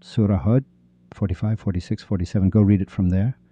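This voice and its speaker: A man's voice: fairly low pitch, fairly even intonation, a little fast, dark tone, slightly rough, dry recording. A man teaching a lecture on poetry and scripture, emphatic and dramatic, speaking straight to his listeners. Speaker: religious teacher. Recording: dull lo-fi dry recording.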